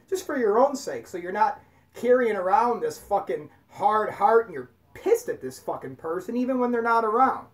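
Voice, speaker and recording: A host giving casual spoken commentary in a blunt, profane, rambling way. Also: mid-range voice. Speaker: video host.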